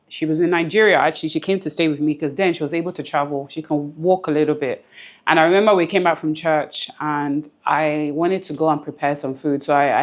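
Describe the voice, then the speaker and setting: A woman guest in an interview, talking earnestly and reflectively about something personal, often repeating phrases for emphasis. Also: sits low. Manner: close to tears at times.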